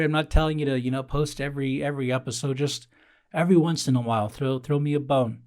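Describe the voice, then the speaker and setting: A man's voice: medium pitch, fairly even intonation, quick pace, a little mellow. A man hosting his own podcast, delivering a sardonic, exasperated solo monologue, swearing often and repeating lines for emphasis. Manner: sardonic, exasperated rants with mock-pleading asides. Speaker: podcast host.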